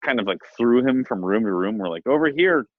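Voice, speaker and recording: A man's voice: lowish voice, brisk, no room sound. A man co-hosting a podcast, musing in a bemused, casual way. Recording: husky, dull lo-fi mic.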